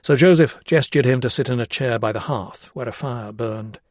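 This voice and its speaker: This is scripted narration for an audiobook, delivered by a man in a calm, even storytelling manner. His pitch is medium, and the studio-quality audio has no room sound.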